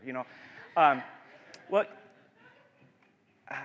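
A male pastor preaching a sermon, animated and emphatic, with frequent restarts and swings between loud and soft. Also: high voice, measured pace, pauses often. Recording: long hall reverb.

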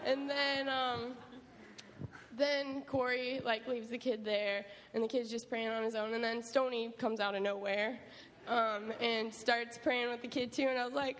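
A young woman shares a personal testimony as a camp counselor, talking in a lively, chatty way with lots of quoted asides. Her voice sits on the higher side. It is heard in a reverberant hall with faint noise behind. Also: moderate pace. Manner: animated storytelling with many likes and quoted asides.

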